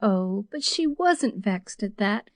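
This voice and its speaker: A woman's voice: medium pitch, animated, takes it slowly, no echo, studio quality. A woman voicing an earnest teenage girl, tearful and pleading, in a storybook reading.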